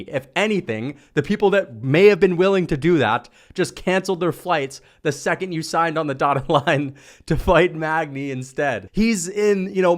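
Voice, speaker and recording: A man from New rants about combat sports in a high, lively voice. He mocks and swears freely, with the loose tone of a casual vlog. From New York. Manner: mocking, profane, animated. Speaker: MMA commentator vlogger. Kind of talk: casual rant.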